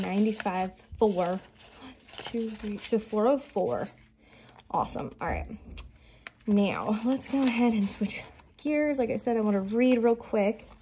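Soft-spoken woman, slightly breathless. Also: on the high side, breathy edge, rough recording. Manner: soft, earnest, prayerful. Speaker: budgeting channel host. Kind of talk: casual chat and scripture reading.

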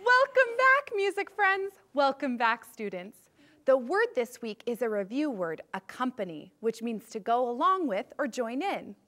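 A woman teaches a children's music class with a high, bright-pitched voice. Her speech rises and falls with lots of animation. She stays upbeat as she leads the children through movement warm-ups. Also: animated, normal speed.

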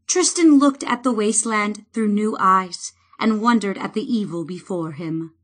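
A woman narrating a fantasy novel in a measured, expressive way. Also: mid-range voice. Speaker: audiobook narrator.

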